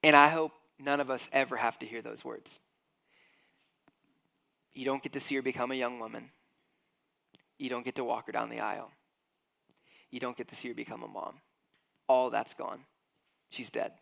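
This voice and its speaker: A man's voice: medium pitch, steady tone, moderate pace, vocal fry, pauses often, sharp tone. A man in his thirties preaching a sermon, emphatic and acting out scenes with growing intensity. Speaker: pastor.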